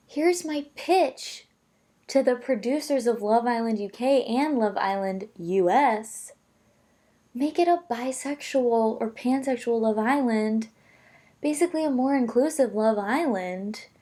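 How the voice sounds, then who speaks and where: A young woman from the United States chatting casually to camera, self-deprecating and full of quick asides. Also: medium pitch, warm tone. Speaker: vlogger.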